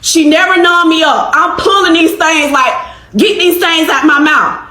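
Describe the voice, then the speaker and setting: A woman's voice: very high voice, normal speed, sharp tone, roomy sound. A woman vlogger telling a story in a casual, emphatic way and acting out the dialogue. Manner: emphatic, acts out quoted dialogue.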